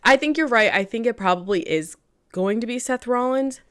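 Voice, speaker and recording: A woman co-hosting a podcast in casual chat, animated, laughing often and swearing freely. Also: a little high, a little fast, clear, resonant tone. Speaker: podcast co-host.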